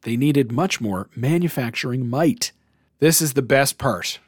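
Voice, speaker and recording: A man's voice: mid-range voice, a little slow, husky, no room sound, studio quality. A man co-hosting a podcast, chatting casually and enthusiastically, with lots of fillers. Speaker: podcast co-host. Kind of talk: casual chat.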